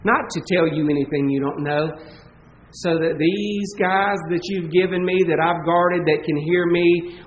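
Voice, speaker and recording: Man, pastor, sermon, high voice, voice giving out, conversational, reverberant sanctuary. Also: steady tone, unhurried, muffled recording, a little hiss or hum. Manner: earnest, conversational preaching with questions to the congregation. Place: church sanctuary.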